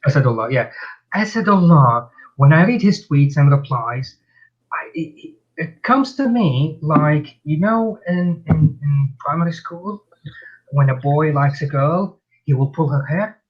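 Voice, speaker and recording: Stream host: blunt, animated talker, slightly higher voice, muffled online call sound. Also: male voice, unhurried, husky. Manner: blunt, animated storytelling with many restarts. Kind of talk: casual chat on a live stream.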